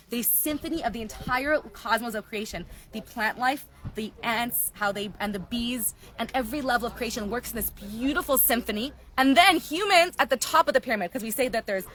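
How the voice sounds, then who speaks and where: A woman teaching a live class, telling stories in an animated, earnest way. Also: on the high side, rough recording. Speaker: Torah teacher.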